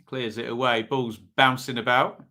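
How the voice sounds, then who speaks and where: A man's voice: mid-range voice, little pitch movement, unhurried, pushed and bright. A man with an East Anglian accent hosting a live football watch-along, giving chatty running commentary and reacting to viewers in the chat.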